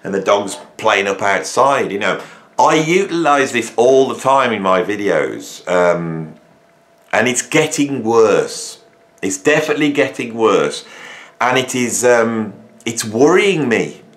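A man talking casually to camera from his home garage, animated and rambling, often repeating himself and restarting phrases. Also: lowish voice, takes it slowly. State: hot and sweaty. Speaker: drummer and producer talking to camera. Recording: echoey garage room.

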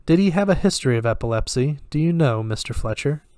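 Soft-spoken polite torturer, precise and clinical, read by a man. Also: medium pitch, lively intonation, fast, no echo, studio quality, close to an everyday voice. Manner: polite, precise, mildly apologetic.

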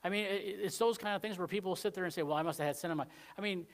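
A high-pitched male pastor talks very fast through a rambling, conversational Wednesday sermon in church. Fillers like "you know" are everywhere, and he swings between strong emphasis and quiet side remarks.

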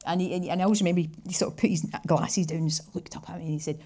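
Woman in her 60s, glasgow accent, talks fast and animated, kinda low voice. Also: husky. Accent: Glasgow Scottish. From Scotland. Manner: chatty, animated storytelling. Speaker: interview guest. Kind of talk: casual conversation on stage.

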